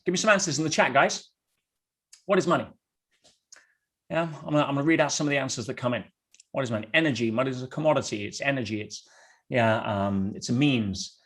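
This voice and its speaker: A man's voice: medium pitch, fast, long pauses, a bit bright. Middle-aged man, motivational speaker; blunt, storytelling delivery to a live online audience. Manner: blunt, storytelling, addresses listeners as guys.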